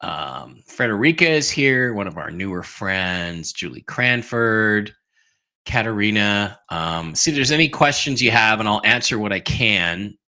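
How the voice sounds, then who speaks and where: A man's voice: on the low side, lively intonation, measured pace, pushed and bright. A man hosting a casual livestream, rambling through updates and reading viewer comments aloud with many fillers and asides. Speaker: host of an online news livestream.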